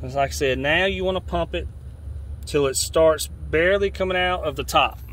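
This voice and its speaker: A man from Georgia with a Southern accent, a fishing guide giving a casual step-by-step how-to demonstration outdoors, folksy and relaxed, often restarting his phrases. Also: on the high side, moderate pace. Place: outdoors beside a boat. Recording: faint outdoor noise.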